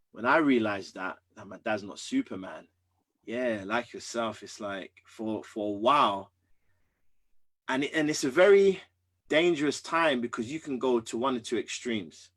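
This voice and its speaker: A husky-voiced man tells a personal story as a podcast guest. He is earnest and emphatic, getting loud one moment and hushed the next, at a middling pitch.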